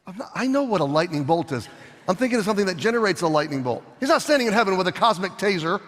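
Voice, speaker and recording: A middle-aged male pastor preaching a sermon, animated, swinging between loud and soft as he acts out scenes. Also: high voice, rapid-fire. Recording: long hall reverb.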